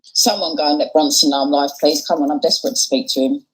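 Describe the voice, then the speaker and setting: A woman's voice: low voice, fast talker, rough recording. A woman hosting a casual livestream, talking bluntly and swearing often. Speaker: livestream host. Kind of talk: casual live commentary.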